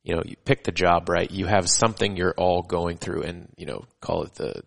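A firefighter chats in a relaxed, earnest way and swears casually. His voice is very deep and gravelly. His pitch barely moves. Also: normal speed. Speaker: podcast host, firefighter. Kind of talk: casual chat.

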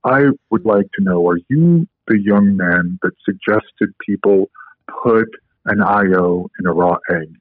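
A man doing a deep, slow, formal voice for an older male doctor with a dry, deadpan wit, heard over a tinny phone line. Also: dry recording.

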